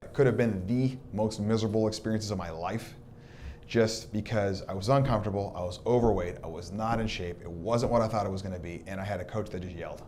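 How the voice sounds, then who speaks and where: Lively storytelling man, lowish voice. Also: quick pace, slight background noise. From Southern California. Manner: lively storyteller who acts out quoted dialogue. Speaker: documentary subject. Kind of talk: reminiscing interview.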